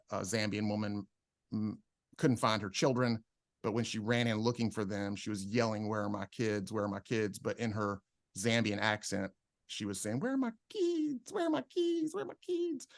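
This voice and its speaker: A man's voice: lowish voice, moderate pace, vocal fry, dry recording, clean studio sound. A man who is a comedian, telling stories in a casual podcast chat and acting out the people he quotes. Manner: animated storyteller, acts out quotes. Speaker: comedian guest.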